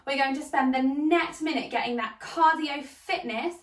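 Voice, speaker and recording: A woman's voice: high voice, moderate pace, a bit bright, echoey room, recorded from a distance. A woman leading a hoop workout, out of breath, cheering people on and counting down the reps. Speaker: fitness instructor. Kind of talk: workout instruction.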